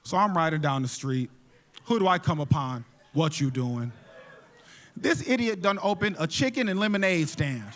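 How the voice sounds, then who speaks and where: A male stand-up comedian with a high, bright voice tells casual, profane stories on a theater stage. He often laughs between punchlines, and his voice comes through a handheld stage mic. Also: animated, brisk. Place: theater stage before a live audience.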